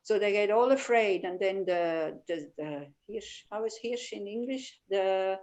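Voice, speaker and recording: A woman's voice: mid-range voice, measured pace, poor audio. Woman teaching a meditation class online. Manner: warm storytelling, many "you know" fillers. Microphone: video call.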